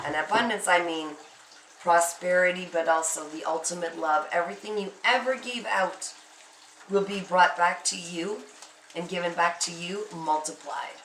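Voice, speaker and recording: A woman's voice: on the low side, normal speed, fairly bright tone, distant mic. A woman giving a spiritual tarot reading, speaking emphatically and reassuringly straight to the listener. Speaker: tarot card reader. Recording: echoey room, off-mic, faint noise.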